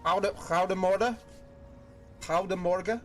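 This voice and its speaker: A man's voice: high-pitched, steady tone, moderate pace, slight background noise. A man streaming a video game live, joking with his chat and laughing often. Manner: jokey, laughs often, chats with viewers.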